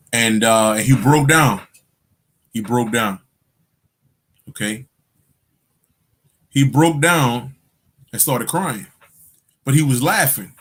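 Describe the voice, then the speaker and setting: A man working as a spiritual guide, giving a casual livestream talk to his viewers in an animated, profane storytelling manner with frequent laughter. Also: medium pitch.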